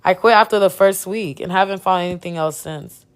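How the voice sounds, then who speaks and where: A woman's voice: fairly low pitch, fairly quick, clear, resonant tone, close to an everyday voice. Lazy grown son, evasive, offhand, read by a woman.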